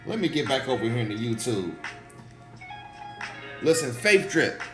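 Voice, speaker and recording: A slightly hoarse man, a pastor hosting a faith livestream, talking casually and animatedly, repeating phrases and calling out to viewers in the chat. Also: mid-range voice, sing-song, measured pace, a bit bright. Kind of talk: casual livestream preaching talk. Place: indoor room, livestream. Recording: echoey room with faint music.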